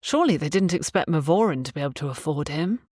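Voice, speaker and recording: A woman reading an audiobook as narrator in a steady, even storytelling manner. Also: sits low, fast talker, no room sound, studio quality.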